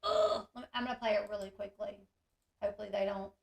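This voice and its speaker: A woman who recaps reality TV on YouTube speaks in a creaky, mid-range voice, very animated and fairly quick. She talks directly to her viewers in a chatty, casual style, sprinkling in plenty of "like" and "you guys."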